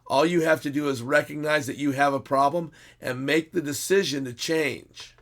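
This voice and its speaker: A middle-aged man lectures the viewer directly in a blunt advice monologue, with a fairly high, bright and forceful voice. He jumps from near-shouting to low, tired resignation as he talks. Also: steady tone, moderate pace. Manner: lecturing, direct address to the listener; swings between shouting reenactments and quiet resignation. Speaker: self-help video host.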